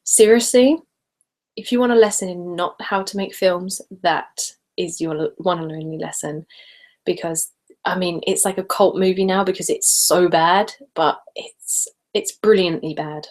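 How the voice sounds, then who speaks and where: A woman from Essex with an English accent, hosting a casual live stream. She chats and giggles while reading out viewer comments, sometimes dropping into soft whispers, and sips wine as she talks. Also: lowish voice, fairly even intonation, a little slow. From Essex, England. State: sipping wine while talking. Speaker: ASMR creator hosting a live hangout.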